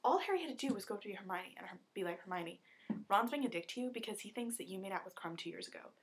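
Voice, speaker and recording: A young woman vlogging in a rambling, animated way, swearing and acting out characters in quick asides. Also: medium pitch. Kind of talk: rambling casual vlog.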